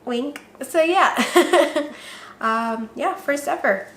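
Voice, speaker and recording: A woman's voice: high-pitched, very slow, fairly bright tone. Bubbly young woman vlogging, roomy sound. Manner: bubbly, laughs often, acts out quoted voices. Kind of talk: casual vlog chat. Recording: roomy echo.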